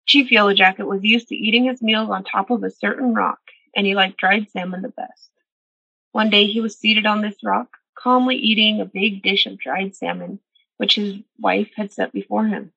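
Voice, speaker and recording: A woman's voice: mid-range voice, fairly even intonation, normal speed, vocal fry, sharp tone, slightly rough, dry recording. A woman storyteller reading a traditional animal tale aloud and reflecting earnestly on its lessons. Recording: dull, dry recording.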